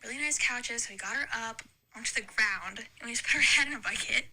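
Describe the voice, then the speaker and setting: A woman's voice: on the high side, quick pace, bright, forceful tone, rough recording. A young woman telling a long, rambling story in casual chat, with lots of "like" and restarts. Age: young adult. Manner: chatty, rambling story with many likes. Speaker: podcast guest.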